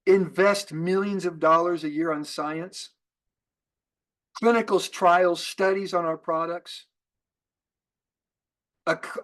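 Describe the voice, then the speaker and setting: A man with a high-pitched voice delivers an upbeat business training. He fires off rhetorical questions and often stumbles and restarts, repeating key words for emphasis. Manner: energetic, repetitive, with rhetorical questions and frequent restarts. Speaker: network marketing trainer. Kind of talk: motivational business training talk.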